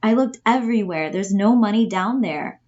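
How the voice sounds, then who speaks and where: A woman's voice: mid-range voice, animated, normal speed, a little mellow, natural voice. A woman reading the part of a wisecracking teenage boy, complaining and wry, on a dull lo-fi recording. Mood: griping. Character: teen boy, scheming and wisecracking.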